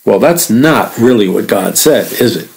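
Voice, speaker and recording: A man's voice: fairly low pitch, lively intonation, vocal fry, rough recording. Earnest man teaching scripture. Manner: earnest, emphatic, repeats words while explaining; reads scripture quickly between slower commentary. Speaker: radio minister and host. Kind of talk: radio Bible teaching.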